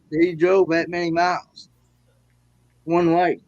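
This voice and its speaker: Slow Southern drawl from East Tennessee. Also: male voice, fairly high pitch, little pitch movement, no room sound, highs cut off. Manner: halting, repeats words while telling a story. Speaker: livestream guest. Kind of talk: casual chat.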